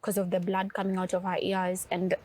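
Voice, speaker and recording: A woman's voice: on the low side, completely flat delivery, fairly quick, a little mellow. Earnest woman telling a story. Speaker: podcast co-host. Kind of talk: podcast conversation.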